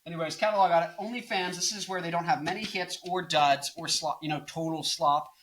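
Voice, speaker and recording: A young man in his twenties talks through music commentary in a loose, rambling way, cracking jokes and drifting off topic. His voice is bright and forceful and sits a little high for a man. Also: steady tone, brisk. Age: 20s. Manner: jokey, rambling, goofs off into silly bits. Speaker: music video host.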